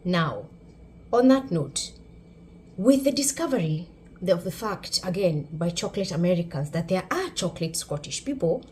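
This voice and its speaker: A woman's voice: fairly low pitch, expressive, moderate pace, darkish tone, slight background noise. A woman with a Kenyan accent giving a wry, sarcastic, emphatic commentary on her vlog. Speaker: YouTube commentator.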